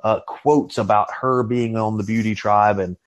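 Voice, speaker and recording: A man hosting a casual podcast, talking in a relaxed way with fillers and restarts. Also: fairly low pitch, a little slow. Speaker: podcast host. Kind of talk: casual chat.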